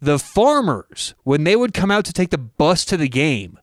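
A man co-hosting a sports betting show, breaking down college football picks in an energetic, excitable way. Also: a little high, moderate pace, no room sound, clean studio sound. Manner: energetic, excitable, with sudden loud cheers. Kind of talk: casual sports betting chat.

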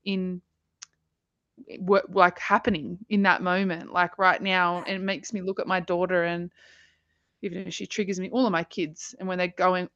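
A woman's voice: on the low side, flat delivery, moderate pace, a bit bright, dry recording. A woman in her thirties, co-hosting a podcast, talking earnestly and emotionally with many fillers and restarts. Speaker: podcast co-host. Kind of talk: casual heartfelt conversation. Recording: dry, slightly dull audio.

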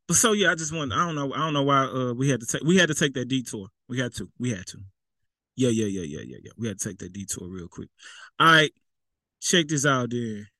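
A man's voice: medium pitch, fairly bright tone, no room sound, rough recording. Man preaching a casual sermon. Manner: conversational, repeats words, folksy slang.

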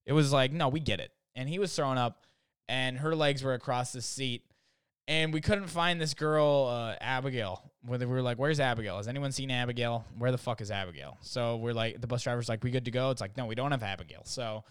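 A man's voice: medium pitch, brisk, smooth, no room sound, clean studio sound. A young adult man telling comic stories in a rambling, casual way, full of "like" and swearing, acting out what other people said. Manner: rambling, full of "like", profane, acts out others' lines.

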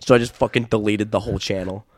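A man's voice: fairly low pitch, fairly even intonation, fast, darkish tone, dry recording. Young man telling stories, swearing casually. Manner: self-mocking storyteller, swears freely. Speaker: podcast guest. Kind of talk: casual chat.

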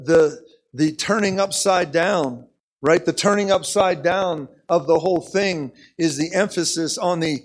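A man's voice: fairly high pitch, poor audio. An American man preaching an impassioned sermon, repeating phrases and leading the congregation in call-and-response.

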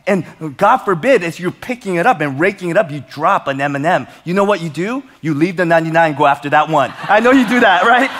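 Male pastor, lively preaching, higher voice, long hall reverb. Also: fast, few pauses. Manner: animated, conversational preaching with humor and rhetorical questions. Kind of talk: sermon.

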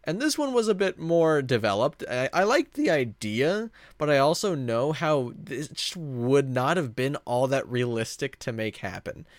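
A man's voice: medium pitch, animated, a little slow, hardly any pauses, no room sound, studio quality. A man hosting his own podcast, talking alone in a rambling way with many fillers and self-corrections. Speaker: podcast host. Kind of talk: casual solo monologue.

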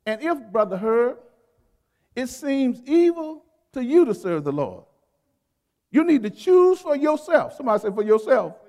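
Male pastor, very high voice, call-and-response sermon with emphatic stresses, long hall reverb. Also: very animated, darkish tone. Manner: call-and-response preaching, urging the congregation to repeat words; emphatic, drawn-out stresses on key phrases. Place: church sanctuary.

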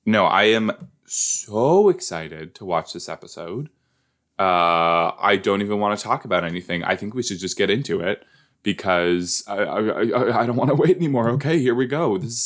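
A man with a low-set voice talks through a TV episode in a casual reaction show. He takes his time, drawing out his words, but gets excitable and jokey and jumps into sudden high squeals. It sounds like an easygoing solo commentary.

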